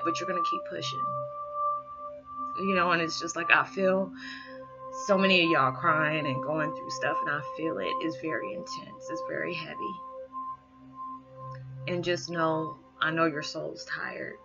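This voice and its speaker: A woman giving a heartfelt spiritual message, close to tears, speaking haltingly and filling pauses with "you know". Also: deep voice, fairly even intonation. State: holding back tears. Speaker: spiritual reader. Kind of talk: emotional spiritual message vlog. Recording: dull lo-fi sound with music behind. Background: background music.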